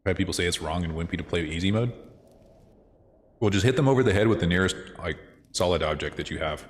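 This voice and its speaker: A low-pitched man talks fast while streaming a video game, chatting with his viewers in an animated, loose way and swearing freely. His casual gameplay commentary echoes around a room with long reverb.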